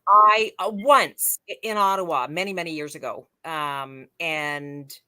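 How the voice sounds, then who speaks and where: A woman's voice: low-pitched, measured pace, sharp tone, clear, resonant tone, dry recording, clean studio sound. A woman who is a radio host, chatting casually and hesitantly, often breaking off and restarting her sentences. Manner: hesitant, with many fillers and restarts. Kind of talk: casual chat.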